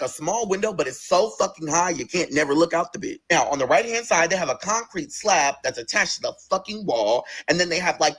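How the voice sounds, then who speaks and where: Husky fast-talking man, profane and emphatic. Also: a little high. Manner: profane, emphatic, animated retelling. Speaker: storyteller recounting his own experience. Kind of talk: casual first-person storytelling.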